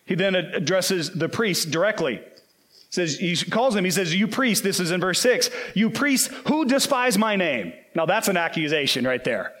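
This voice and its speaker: A man preaching a sermon, earnest and emphatic, slowing down to quote scripture. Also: high voice, expressive, fairly bright tone.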